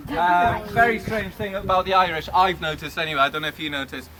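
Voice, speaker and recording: Teasing man leading a loud group. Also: high-pitched, fairly even intonation, quick pace, rough recording. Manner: chatty, teasing, coaxing the group along. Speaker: Welsh language teacher for a student group. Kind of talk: lively group lesson with call-and-response drills. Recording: loud crowd noise behind.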